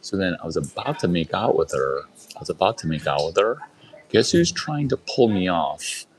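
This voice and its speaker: An open-mic comic with a low, sing-song voice works a club stage at a moderate pace, caught on a low-quality recording. His stand-up is crude and boastful as he rambles through a story and addresses the crowd directly.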